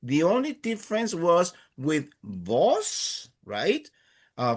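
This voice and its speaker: A man's voice: on the high side, huge pitch swings, slow pace, breathy edge. A man teaching a beginner class, patiently walking students through verb conjugations with many fillers and check-ins. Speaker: Spanish teacher. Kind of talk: online class instruction.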